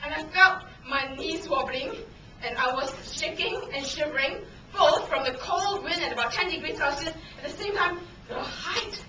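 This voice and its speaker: A woman's voice: sits high, normal speed, pushed and bright. A woman in her thirties giving a dramatic storytelling speech at a contest, acting out scenes with shrieks and laughter. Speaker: contest speaker. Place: meeting hall. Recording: echoey hall, distant camera, noisy.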